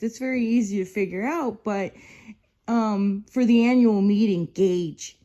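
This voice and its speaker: A woman in her fifties with a mellow, darker tone, rambling through a casual vlog monologue. She sounds exasperated and keeps dropping "you know" between thoughts, at a middling pitch. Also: muffled recording. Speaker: vlogger.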